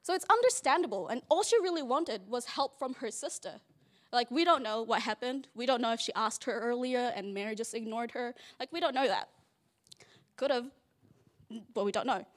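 High-voiced chatty woman teaching Bible study. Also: expressive, normal speed. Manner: chatty, playful, many "like" fillers. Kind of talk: casual Bible study talk.

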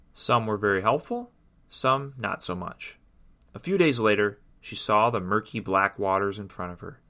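A man reading a children's story aloud in an expressive, sing-song storytelling way. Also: fairly low pitch.

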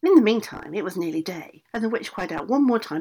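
A woman reading a fairy tale aloud, lively, adding casual asides as she goes. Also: mid-range voice, fairly quick, husky. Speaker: storyteller.

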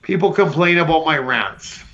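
A man's voice: fairly high pitch, expressive, normal speed, sharp tone, lo-fi sound. A man hosting a podcast, delivering a brash, profane comedic roast rant. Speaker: podcast host.

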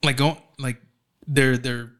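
A man in casual podcast conversation, animated, swearing freely and often acting out other people's voices. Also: mid-range voice, slow. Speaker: podcast co-host. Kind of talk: casual chat.

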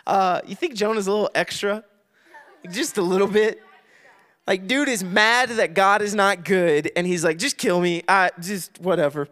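High-voiced man telling a Bible story casually. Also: a little slow, pauses often, a bit bright. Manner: playful, acts out voices, laughs often, many restarts.

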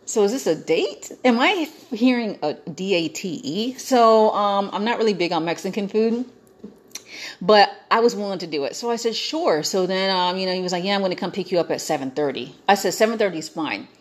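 A young woman chatting casually, telling an animated story and quoting herself and others along the way. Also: medium pitch, a little fast.

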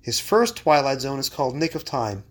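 A man's voice: mid-range voice, sing-song, normal speed. A man hosting a podcast in a home library, talking in a playfully formal, storytelling way. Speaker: podcast host. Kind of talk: casual podcast chat.

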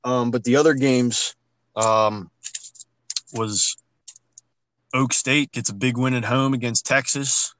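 A man's voice: mid-range voice, steady tone, slow pace, long pauses, a bit bright, poor audio. A man co-hosting a casual sports podcast, ranting bluntly about college basketball and swearing freely. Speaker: podcast co-host.

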